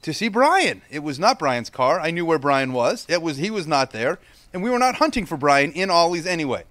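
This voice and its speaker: A man in his thirties leads a children's message at an outdoor church service. His fairly high voice swings widely as he tells stories and acts out what people said. He has the easy, lively manner of a pastor talking with small children. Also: a little fast. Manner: lively storytelling with acted-out quotes. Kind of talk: children's sermon.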